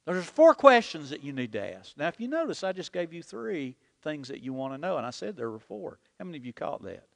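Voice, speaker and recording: Brief: lively male preacher, slightly high voice, echoing church hall. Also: brisk, creaky, hardly any pauses. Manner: animated preaching, leads the congregation in call-and-repeat. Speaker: pastor. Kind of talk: sermon. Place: church sanctuary. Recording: long hall reverb.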